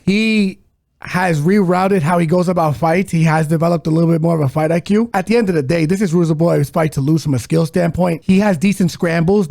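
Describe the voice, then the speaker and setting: A man's voice: a little high, gravelly, darkish tone. A man co-hosting a podcast, bluntly giving casual fight analysis with frequent swearing. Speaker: podcast co-host. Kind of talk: casual sports betting chat.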